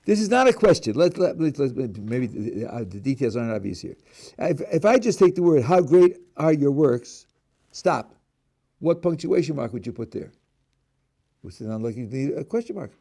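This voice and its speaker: With a mellow, somewhat high voice and a sing-song lilt, this middle-aged rabbi lectures his class on prayer at a moderate pace. He explains each step in turn, quizzes his students, and frequently starts words over.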